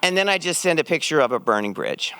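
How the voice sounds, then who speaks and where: Middle-aged guy telling a true story on a stage mic, kinda high voice, gets really expressive. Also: fast, slight background noise. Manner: expressive, jumps high when excited. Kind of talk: live personal storytelling. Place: stage at a live event.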